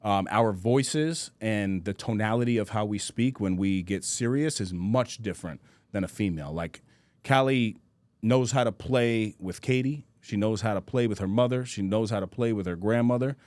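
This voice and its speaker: A man's voice: on the low side, normal speed, a little mellow, no room sound. A man in his thirties hosting a podcast, telling stories in casual, slangy chat and laughing easily. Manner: loose slangy talk, says bro a lot, laughs easily. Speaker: podcast host.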